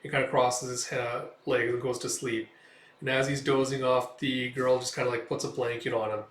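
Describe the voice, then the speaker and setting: A man's voice: mid-range voice, level tone, moderate pace, fairly bright tone. A man casually narrating a comic read-through in a loose, rambling way. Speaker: manga reader and commentator. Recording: echoey room, distant mic.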